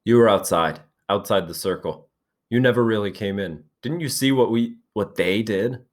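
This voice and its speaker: A man's voice: moderate pace, natural voice. A man voicing a shaken boy leader. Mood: stricken. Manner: low, strained, haunted. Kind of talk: reading a novel aloud with voices.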